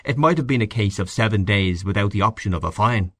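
A man reading an audiobook and voicing a proper, reassuring middle-aged man with a measured manner. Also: fairly low pitch, dry recording, studio quality, close to an everyday voice. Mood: calm.

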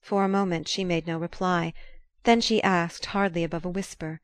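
A woman narrating a novel as an audiobook in a measured, even reading. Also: on the low side, dry recording.

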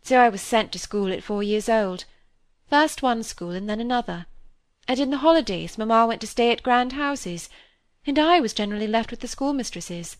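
A woman reading a classic novel aloud, voicing a restless, self-mocking young woman who talks in a lively, wry, confiding way. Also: on the high side, moderate pace, dry recording, pitched above the performer's own voice, natural voice. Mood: candid.

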